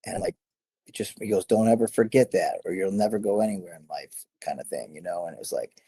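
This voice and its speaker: A middle-aged man, a former fighter, tells stories in a loose, rambling way, often correcting himself and laughing. His voice sits low and sounds husky. His tone stays dark and mellow. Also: brisk. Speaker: guest, former MMA fighter. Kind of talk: casual storytelling interview.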